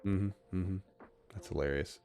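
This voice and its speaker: A man's voice: deep voice, measured pace, darkish tone. A man co-hosting a casual fantasy sports show, laid-back and chatty. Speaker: co-host. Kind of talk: casual chat.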